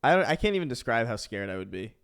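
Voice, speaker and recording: A man with a smooth, resonant voice, chatting casually among friends. He rambles, laughs along, and builds out absurd what-if scenarios. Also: mid-range voice, very animated, fast, fairly bright tone. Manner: rambling, laughing, spins wild hypotheticals.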